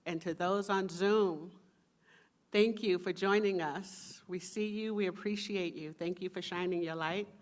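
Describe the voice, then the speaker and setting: Slow, soft-spoken woman minister. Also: lowish voice, fairly even intonation. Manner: slow, soft, meditative delivery with playful asides. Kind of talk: sermon. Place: church sanctuary with congregation.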